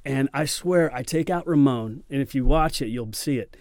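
A man, a guest actor, chatting with loose, animated energy and lots of restarts. His voice sits at a middle pitch. The sound is dry, with little room around it. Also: moderate pace, dry recording. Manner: animated, rambling anecdotes with restarts. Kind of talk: casual storytelling chat.

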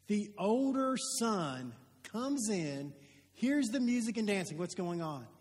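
High-voiced preacher in a reverberant hall. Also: male voice, sing-song, slow. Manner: storytelling, rhetorical questions, swings from loud to hushed. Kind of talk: sermon.

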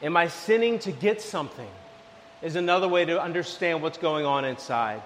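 Man, pastor, sermon, animated storytelling, soft low asides, high voice, long hall echo. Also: moderate pace, slight background noise.

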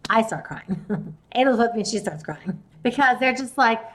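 With an animated, slightly high and somewhat bright voice at normal speed, a real estate investor who hosts a podcast tells a casual story. She chats along, mimicking the people she talked to as she retells the conversations. The recording sounds rough.

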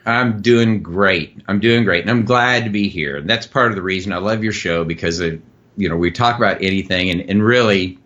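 Low-voiced joking guest, playful. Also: male voice, fairly quick, a bit bright, dull audio. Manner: jokey, playful banter. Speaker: podcast guest. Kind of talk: casual interview chat.

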